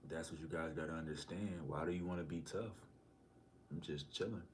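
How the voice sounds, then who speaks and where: A man's voice: rumbling low, fairly quick, a little hiss or hum. A man livestreaming, casually chatting with viewers and reading their comments aloud in a laid-back, slangy way. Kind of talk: casual live-stream chat.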